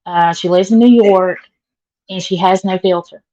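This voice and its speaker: A woman's voice: on the low side, flat delivery, normal speed, dark tone, muffled recording. A middle-aged woman with a Southern accent, chatting casually with live viewers and greeting them by name. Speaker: vlogger.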